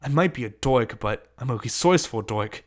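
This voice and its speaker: A timid, nerdy teenage boy, as a male audiobook reader voices him. He speaks softly and hesitantly, as if afraid to upset anyone. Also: medium pitch, expressive, moderate pace, close to an everyday voice. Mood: meek. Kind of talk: audiobook character reading.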